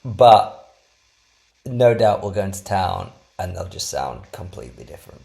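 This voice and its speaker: Low gravelly man, rambling chat. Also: expressive, normal speed, mellow. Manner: rambling, self-deprecating. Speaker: podcast co-host. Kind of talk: casual travel chat.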